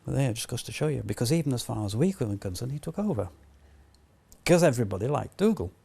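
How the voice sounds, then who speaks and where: A man's voice: medium pitch, fast, vocal fry, husky. A man with a French accent reminiscing in an interview, acting out old conversations as he goes. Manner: animated, acts out past conversations. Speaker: puppet animator interviewee.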